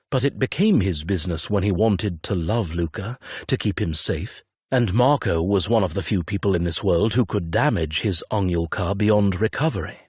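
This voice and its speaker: Low, husky male audiobook narrator. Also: a little mellow, no room sound. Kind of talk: scripted narration.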